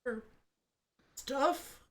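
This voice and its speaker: A woman playing in a tabletop game, chatting casually and slowly. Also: fairly bright tone. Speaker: player.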